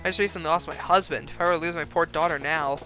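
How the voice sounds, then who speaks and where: A man's voice: fairly high pitch, steady tone, quick pace, pushed and bright, soft background music. A man putting on a frantic pleading mother. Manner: pleading, anxious, earnest. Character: worried middle-aged mother pleading for her daughter. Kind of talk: reading game dialogue aloud on a stream.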